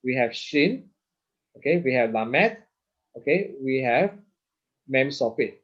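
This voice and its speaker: A man's voice: medium pitch, animated, slow pace, dull audio. Patient man teaching over a video call. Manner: patient, repeats words, frequent "okay?" checks. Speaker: Hebrew teacher. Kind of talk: online lesson with slides.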